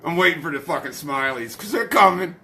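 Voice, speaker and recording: A man's voice: fairly high pitch, sharp tone. A man hosting a late-night live stream, rowdy, profane and joking, a little tipsy from beer.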